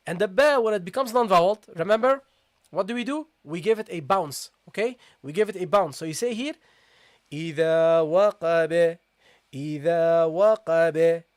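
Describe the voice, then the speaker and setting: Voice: medium pitch, expressive, no echo, studio quality. Patient teacher sounding out letters. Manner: explains step by step, checks understanding with repeated "okay?"; slowly sounds out letters and syllables to demonstrate. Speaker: Quran recitation teacher. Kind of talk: live-streamed online lesson.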